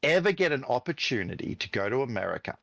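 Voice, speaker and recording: Animated, fired-up man. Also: mid-range voice, quick pace, creaky, dry recording, lo-fi sound. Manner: animated, profane, fired-up storytelling. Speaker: podcast guest, esports team CEO. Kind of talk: casual podcast chat.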